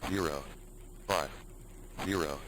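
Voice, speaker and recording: A woman voicing an eerie, deep, glitching voice that slowly recites an error code. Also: slight background noise, poor audio.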